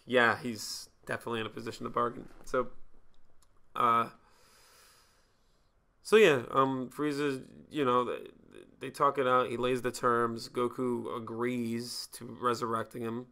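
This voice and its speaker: A man's voice: medium pitch, flat delivery, a little slow, gravelly, bright, forceful tone. A man casually reviewing an anime episode, joking and swearing as he rambles.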